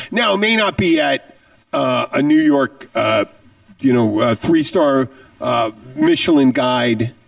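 Lebhafter Mann, der im Podcast plaudert. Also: male voice, mid-range voice, gravelly, dry recording, clean studio sound, recorded from a distance. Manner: animated, profane, jumps between tangents. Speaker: podcast host. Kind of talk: casual podcast chat.

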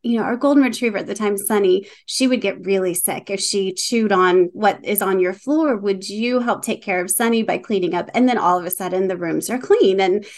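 A woman's voice: mid-range voice, fairly quick, hardly any pauses. A middle-aged woman, an author chatting as a guest on a video call and laughing often. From North Carolina. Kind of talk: casual interview chat.

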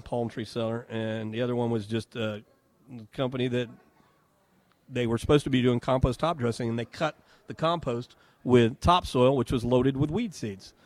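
Chatty male radio host reading ads. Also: mid-range voice. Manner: chatty, joking, salesy. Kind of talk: live radio talk with ad reads. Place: home and garden show, broadcasting live.

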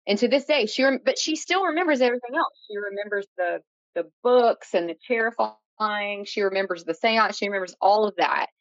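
A woman in her late thirties, a podcast guest, recounting a paranormal story in an animated way, acting out quotes and using many fillers. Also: mid-range voice, no room sound. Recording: dull, dry lo-fi audio.

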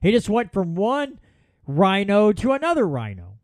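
A man hosts his podcast alone. His voice sits high and swings widely as he spins folksy stories, and the sound is dry and close. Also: moderate pace, no echo. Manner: folksy, animated storytelling with repeated restarts. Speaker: podcast host. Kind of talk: solo political commentary.

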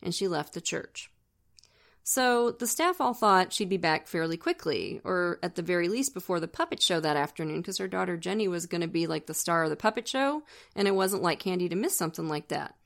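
A woman's voice: on the low side, lively intonation, a little fast, gravelly. A woman co-hosting a true-crime podcast, telling the story in a casual, chatty way with wry asides. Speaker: podcast co-host.

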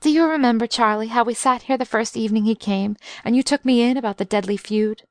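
A woman's voice: fairly high pitch, fast talker, no room sound, studio quality, natural voice. A woman voicing an eager, adoring young girl who talks in an emphatic, breathless way, in a storybook reading. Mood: eager girlish.

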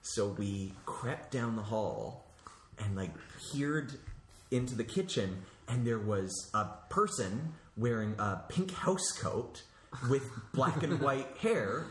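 A man's voice: mid-range voice, expressive, slow pace. A man telling a childhood story in casual talk, hesitant and full of filler sounds. The room is echoey with light noise behind. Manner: hesitant, many uhs, laughs through story.

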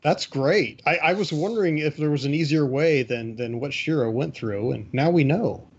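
Husky, agreeable man. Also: a little high, normal speed, highs cut off. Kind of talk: casual chat.

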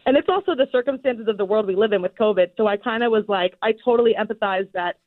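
A young woman calling in as a guest, telling her story in an animated, giggly way. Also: mid-range voice, fast, no echo. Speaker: guest caller. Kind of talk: casual phone interview. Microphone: phone. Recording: tinny dry phone line.

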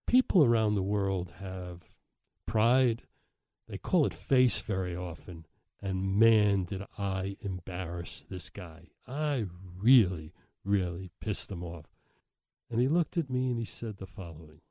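A man's voice: deep voice, lively intonation, unhurried, warm tone, no room sound, studio quality. A middle-aged man, a host telling a story in a wry, self-deprecating way. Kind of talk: storytelling monologue.

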